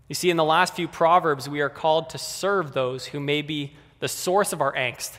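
A man's voice: fairly high pitch, normal speed, fairly bright tone. Man preaching in a reverberant hall. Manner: conversational, addressing kids and adults directly. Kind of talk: sermon.

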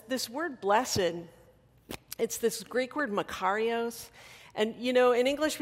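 A woman pastor preaches in a relaxed, conversational way, animated and light with humor. Her voice sits at an ordinary pitch. It rings out with the long reverb of a big hall. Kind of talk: sermon. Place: church hall.

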